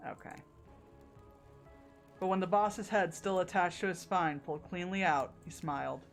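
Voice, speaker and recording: A woman's voice: fairly low pitch, normal speed, long pauses, soft background music. A young woman streaming a game with a friend, reading the story aloud, laughing often and doing voices. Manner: lively, laughs often, does voices for characters.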